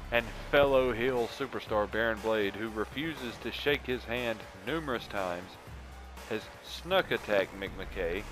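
A man hosting a casual let's-play, joking and excitable as he comments on the game. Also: lowish voice, rough recording. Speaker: gaming channel host.

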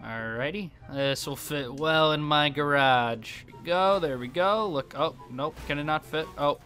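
A young man commentating his own game play, excitable and quick to laugh, yelping when surprised. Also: fairly high pitch, faint music behind. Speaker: gaming YouTuber.

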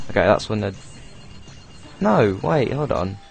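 A young man with a British accent talks loosely over his own animation, his voice sitting a little low. He rambles, swears offhandedly and laughs at his own asides, like a casual home voice-over. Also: big pitch swings, takes it slowly, gravelly, over loud music. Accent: British English. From Britain. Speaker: video creator doing commentary.

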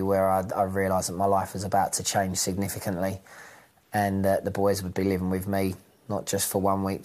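Man, documentary interviewee, low and level voice, halting and reflective. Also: a little mellow. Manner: halting, with frequent ums and restarts.

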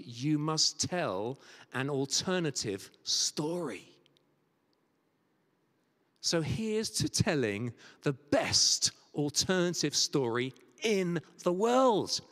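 A man preaching a sermon and telling stories, sometimes dropping to a soft near-whisper for quoted words. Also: sits high. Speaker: guest preacher. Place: large church. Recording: church hall reverb.

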